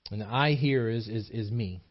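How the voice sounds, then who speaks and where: A lowish-voiced man preaches at a moderate pace, heard in dull audio. As the pastor of a small church, he delivers his sermon with earnest emphasis, repeating lines and restarting frequently to build his points.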